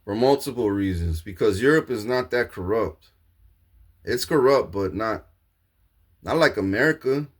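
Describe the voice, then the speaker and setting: A man's voice: on the low side, lively intonation, unhurried, pauses often. A man delivering a rambling, profane monologue, grandiose and repetitive, with frequent restarts. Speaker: self-proclaimed king ranting to camera.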